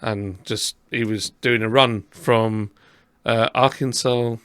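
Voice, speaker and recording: A man's voice: mid-range voice, fairly even intonation, takes it slowly, fairly bright tone, smooth, no room sound. A man with a southern English accent hosting a casual podcast chat, talking in a rambling, self-deprecating way. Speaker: podcast host.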